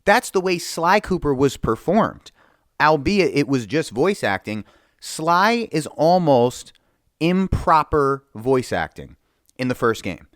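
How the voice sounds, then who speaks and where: A man giving a casual, profane commentary rant, animated and mocking. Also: on the high side, slow, no echo, studio quality. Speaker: video commentator.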